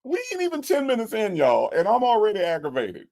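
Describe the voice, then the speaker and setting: Reviewing a recorded call on his live stream, this man talks briskly in a high, creaky, darkish voice with huge pitch swings. He sounds incredulous and exasperated, putting the same questions to his chat again and again.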